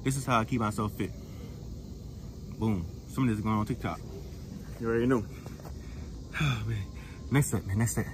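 A young truck driver works out outdoors in a truck parking lot, chatting casually to his viewers, out of breath, slangy and rambling, laughing at himself. His voice is fairly low and a little fast, with long pauses and a noisy background.

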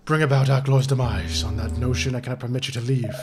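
A man voicing a menacing male demon guardian from a video game, reading its lines in a slow, solemn, threatening way. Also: mid-range voice, fairly even intonation, background noise, voice pushed down, lightly acted.

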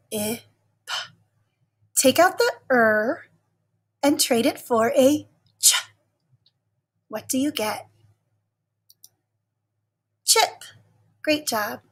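Slow, husky-voiced woman teacher. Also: sits high, fairly bright tone. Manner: slow, patient and encouraging. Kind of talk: recorded lesson for young children.

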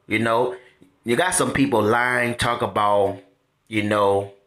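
A man preaching informally to his critics, repeating himself and reading scripture slowly word by word. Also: lowish voice, fairly even intonation, a bit bright. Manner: repetitive, confrontational, reads scripture slowly word by word. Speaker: self-made preacher addressing his critics.

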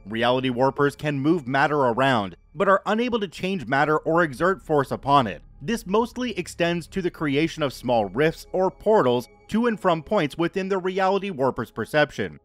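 A man narrating a scripted horror story in a measured, even reading voice. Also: on the high side, dry recording, soft background music.

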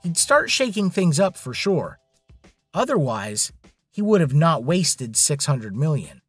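A man's voice: on the high side, sing-song, a little slow, husky, no echo, faint music behind. A man narrating a scripted drama story in a dramatic storytelling manner.

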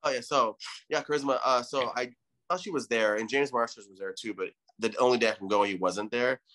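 Thirty-something guy rambling away, bright tone, lots of likes and ums. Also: medium pitch, a little fast. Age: 30s. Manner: rambling, effusive storyteller. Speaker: podcast guest. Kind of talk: casual chat.

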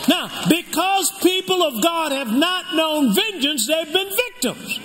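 A man's voice: extremely high pitch, lively intonation, unhurried, fairly bright tone. An older man preaching a sermon as pastor, drawing the congregation in with call-and-response questions. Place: church sanctuary. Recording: echoey hall with background noise.

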